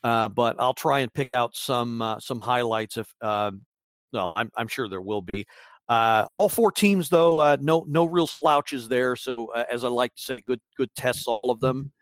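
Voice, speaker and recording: A man's voice: medium pitch, unhurried, no echo, studio quality. A man hosting a casual sports podcast, rambling and wry with lots of fillers. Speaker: podcast host.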